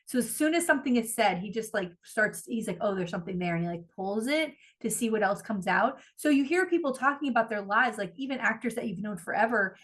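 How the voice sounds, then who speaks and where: A woman's voice: fairly high pitch, expressive, a little fast, hardly any pauses, fairly bright tone. A woman co-hosting a podcast, chatting casually and animatedly, gushing and swearing freely. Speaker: podcast co-host. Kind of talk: casual chat.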